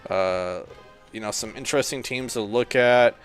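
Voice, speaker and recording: A man's voice: mid-range voice, normal speed, faint music behind. A tired man talking casually as a gaming YouTuber, rambling and thinking aloud while clicking through game menus. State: tired and yawning. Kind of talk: casual gameplay commentary.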